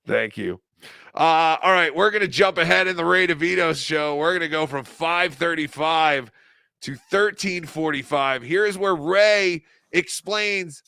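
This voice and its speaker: Guy hosting a live show, joking and mocking clips, bright gravelly voice, dry close mic. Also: a little high, a little slow, no room sound. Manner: mocking, puts on silly voices for laughs. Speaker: host. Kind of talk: casual commentary on clips.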